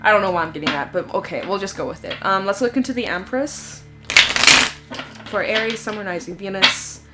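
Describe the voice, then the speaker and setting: A woman's voice: mid-range voice, a little fast, over loud music. A woman giving a casual tarot reading, chatty and frank, swearing freely and using lots of fillers. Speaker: tarot reader.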